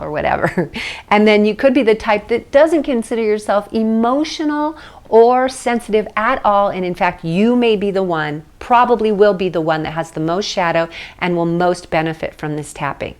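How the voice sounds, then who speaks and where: A woman teaching an emotional tapping session, explaining at length in a chatty way with light asides, then guiding slow repeat-after-me statements. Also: mid-range voice. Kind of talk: guided tapping lesson. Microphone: phone or camera mic.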